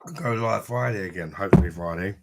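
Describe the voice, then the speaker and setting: A man's voice: low voice, quick pace, creaky, a little hiss or hum. A man chatting casually on a live stream, rambling and swearing freely, with a chesty cough from an infection. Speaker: livestream host.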